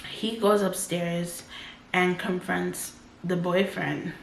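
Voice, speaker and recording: A woman's voice: lowish voice, flat delivery, takes it slowly, gravelly, slight background noise. Young woman telling a story, roomy echo. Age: 20s. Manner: talks in loose run-on sentences full of "like". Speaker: storytime vlogger. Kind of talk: casual storytelling.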